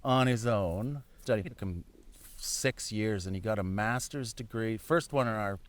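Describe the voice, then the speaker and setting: A man's voice: fairly low pitch, moderate pace. A middle-aged man talking as a comedian guest in a casual podcast chat, telling rambling, self-deprecating stories.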